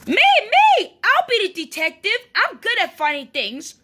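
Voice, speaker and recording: Lady putting on a squeaky little girl bear cub, super high and bouncy, excited storybook kid. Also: moderate pace, full character voice.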